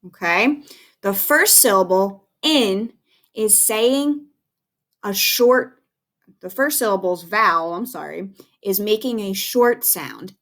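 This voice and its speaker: A woman's voice: medium pitch, takes it slowly, a bit bright. A woman teacher giving a recorded phonics lesson to young children, patient and encouraging, spelling words out letter by letter.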